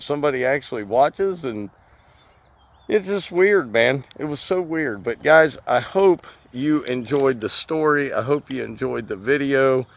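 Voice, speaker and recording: Chatty gravelly-voiced man telling a story. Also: mid-range voice, dry recording. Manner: chatty, addresses viewers as guys. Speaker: lawn care business owner and channel host. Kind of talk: casual storytelling to camera.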